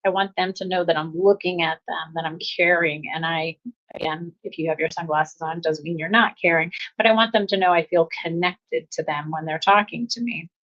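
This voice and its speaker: A middle-aged woman talks earnestly to her listeners in a casual self-help talk, circling back to repeat her key phrases. Her voice sits fairly low for a woman. The audio is a little dull and lo-fi. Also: fairly even intonation, brisk, fairly bright tone. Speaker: host.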